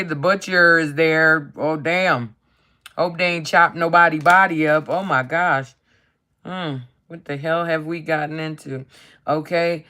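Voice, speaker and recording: The voice sits in the mid range with a bit of brightness. Reading cards on a laid-back live stream, this person rattles off keywords in list form, curses freely, and keeps checking in with "okay?"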